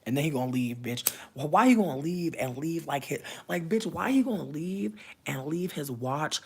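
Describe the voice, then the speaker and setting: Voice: medium pitch, expressive, normal speed, vocal fry, slightly rough. A young adult vlogger telling a story in a casual rant, venting animatedly with heavy slang and cursing.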